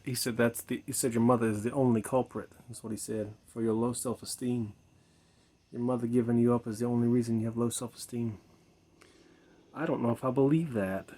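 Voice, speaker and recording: Tipsy man rambling outdoors at night. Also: medium pitch. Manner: repetitive, swearing, musing aloud, addresses viewers as his children. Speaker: vlogger in a "Mother" persona. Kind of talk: rambling late-night monologue to camera. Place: outdoors at night beside a bar.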